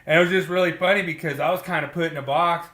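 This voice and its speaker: A man co-hosting a casual podcast, chatty and animated as he retells arguments with colleagues. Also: on the high side, racing, echoey room. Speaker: podcast co-host.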